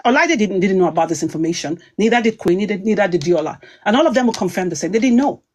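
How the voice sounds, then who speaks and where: A woman's voice: medium pitch, expressive, quick pace, a little mellow. Agitated woman ranting on a livestream. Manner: agitated, emphatic, rambling. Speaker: online commentator. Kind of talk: heated livestream talk.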